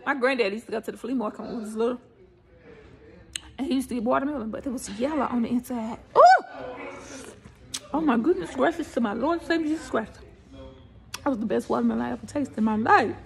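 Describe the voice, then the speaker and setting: Eating on camera for a casual mukbang chat, an older woman from the American South is playful and preachy, laughing often and breaking into bits of song. She speaks briskly in a high, expressive voice with vocal fry.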